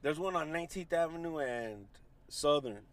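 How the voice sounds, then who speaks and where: A man's voice: a little high, lively intonation, normal speed. A man telling a profane, laugh-filled story in casual chat, acting out the voices of the people in it. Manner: profane, laughs often, acts out voices in his stories.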